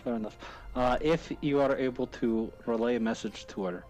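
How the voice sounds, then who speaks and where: A man's voice: mid-range voice, normal speed, darkish tone, soft background music. A man playing a tabletop game, speaking politely with hesitations. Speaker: player.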